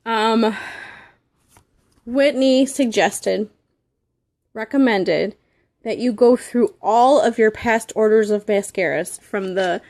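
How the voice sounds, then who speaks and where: Woman in her thirties, high voice, dry close sound, earnest motivational team talk, halting. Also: a little mellow, no room sound. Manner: earnest, halting, gets emotional. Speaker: direct sales seller.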